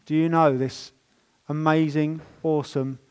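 A man's voice: on the high side, flat delivery, a little slow, smooth. Emphatic preacher, man. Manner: storytelling, emphatic preaching with swings in loudness. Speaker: pastor. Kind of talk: sermon. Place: church.

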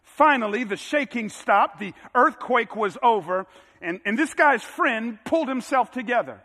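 A man's voice: extremely high pitch, expressive, moderate pace, sharp tone, in a large hall. A male pastor preaching a sermon, building to emphatic peaks as he drives his points home.

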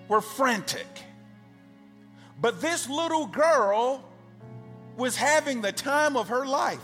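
A man's voice: very high-pitched, a bit bright, in a large hall. A man preaching a sermon as pastor, emphatic and rhythmic, building through repeated phrases.

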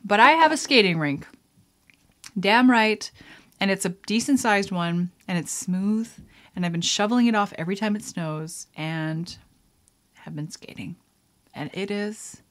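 A woman vlogger chatting casually while powdering her face, rambling with laughs and whispered asides. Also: fairly low pitch. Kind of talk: casual chat while doing makeup.

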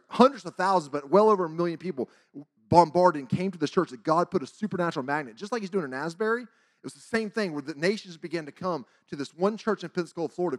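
In his forties, a man with a voice pitched higher than most men's shares a testimony at church, acting out every line of dialogue. His storytelling is lively, casual, and loosely conversational.

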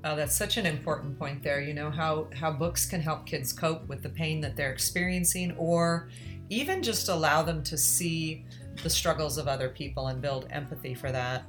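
A woman's voice: sits low, moderate pace. A woman hosting an education podcast, speaking in an earnest, reflective way. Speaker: podcast host. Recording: music bed under voice.

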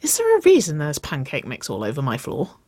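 A woman's voice: low-pitched, huge pitch swings, fairly quick, warm tone, slightly rough, full character voice. A woman reading a story aloud and voicing an amused, wry middle-aged aunt with a drawling delivery.

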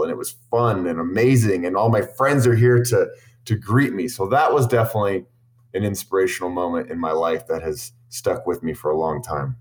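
A cycling content creator from Boulder, Colorado speaks in a low-pitched voice at a fairly quick pace. Answering interview questions, he tells long, earnest, enthusiastic stories full of restarts.

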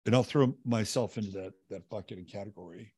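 A man hosts a casual livestream in a lowish voice, rambling through viewer comments with loose fillers and restarts. He swears offhandedly and drifts between topics. The sound is dry and close, with no room around it. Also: fast talker, dark tone, slightly rough, dry recording. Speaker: livestream host. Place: home, living in Texas.

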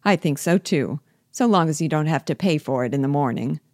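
A woman reading the part of Torvald Helmer, a genteel and condescending husband in a classic stage play, in a brisk, fussy manner. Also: deep voice, expressive, darkish tone, no echo, studio quality. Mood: jovial.

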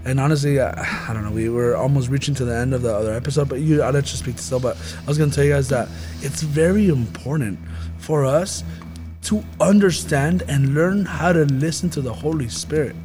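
A man's voice: medium pitch, fairly quick, noisy background. A man hosting a casual Christian podcast, talking earnestly about the Holy Spirit with rambling restarts.

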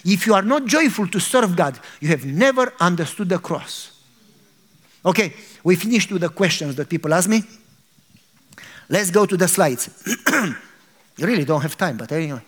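A man's voice: sits high, lively intonation, normal speed, pauses often, slightly rough. A male pastor preaching a sermon, telling a story animatedly and acting out its dialogue.

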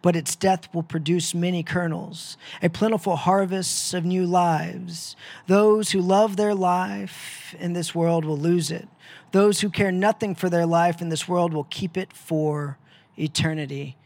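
A man speaking as a gentle, solemn male savior addressing his followers, in a slow and weighty proclaiming manner. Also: sits high, fairly even intonation, gravelly, dry recording. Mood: tender solemn.

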